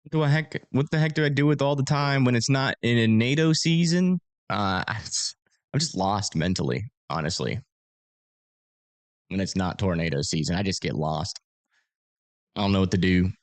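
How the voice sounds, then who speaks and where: Here a storm-chasing streamer in his thirties speaks in a lowish voice with no room sound. Casual and chatty, he reads donations aloud and makes self-deprecating remarks to his viewers.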